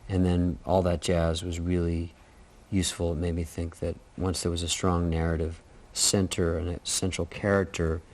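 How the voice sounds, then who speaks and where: Low-voiced man recalling a film shoot. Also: little pitch movement, normal speed, darkish tone. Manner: reflective anecdotal storytelling. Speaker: film director interviewed. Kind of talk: documentary interview.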